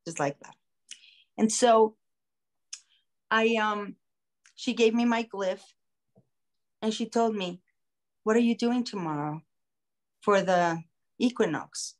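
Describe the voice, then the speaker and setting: A woman podcast host telling a story in a casual, animated way, acting out the voices of the people in it. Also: medium pitch, slow pace, long pauses. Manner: animated, acts out quoted voices. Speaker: singer.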